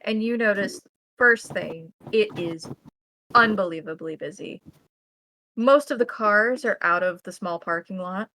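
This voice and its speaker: An American woman narrating as game master, describing scenes in a steady, detailed way. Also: medium pitch, unhurried, slight background noise, low-quality recording.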